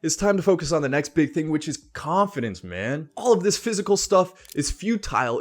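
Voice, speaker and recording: A relaxed man talks straight to camera in an easygoing, chatty way. His voice sits at an ordinary middle pitch for a man, and he often laughs while giving advice. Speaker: style and self-improvement vlogger. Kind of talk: casual advice vlog with sponsor read.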